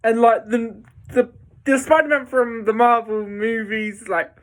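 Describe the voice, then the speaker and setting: A woman's voice: on the high side, fairly even intonation, unhurried. A woman giving a casual, enthusiastic spoken film review, rambling with lots of fillers and restarts.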